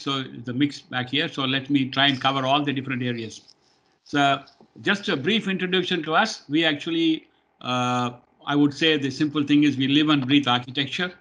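A man's voice: mid-range voice, pushed and bright. A man giving a webinar presentation on professional certification, explaining in a plain way with many fillers. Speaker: webinar presenter, training firm head.

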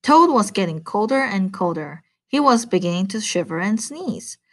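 A woman teacher reading a picture book aloud to children, animated and adding chatty asides. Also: mid-range voice, moderate pace.

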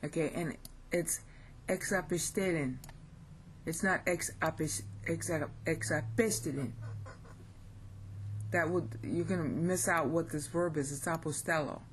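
A woman's voice: deep voice, fairly even intonation, unhurried, a little hiss or hum. An American woman giving a casual lesson, reading Greek phrases aloud, thinking aloud and correcting herself as she goes. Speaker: Greek language teacher.

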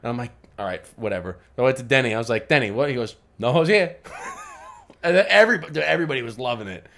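A man co-hosting a casual podcast chat. He tells stories with energy and puts on loud, high voices when he quotes people. His voice sits mid-range and sounds like his own everyday talk. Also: expressive, very fast. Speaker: podcast co-host.

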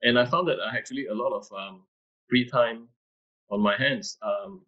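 A man's voice: medium pitch, moderate pace, bright, forceful tone, breathy edge. Hesitant man on a muffled call. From Malaysia. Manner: hesitant, many restarts and fillers. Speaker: architect, panel guest. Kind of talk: casual video-call interview answers. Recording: muffled video-call audio.

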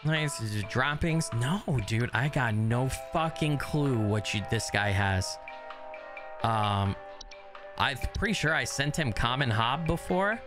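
A man's voice: mid-range voice, lively intonation, takes it slowly, music in the background. A man giving casual, profane let's-play commentary, rambling and mocking himself as he plays. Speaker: gaming YouTuber.

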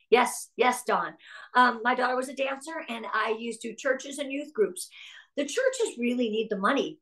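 A woman's voice: high-pitched, fairly bright tone. A middle-aged woman giving an upbeat, earnest talk to a sales team, answering a live chat and turning emotional at times. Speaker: guest speaker at a sales team meeting.

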